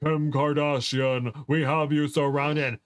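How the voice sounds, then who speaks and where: A man voicing a menacing man calling through a megaphone, making slow, stern announcements. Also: on the high side, little pitch movement, no room sound.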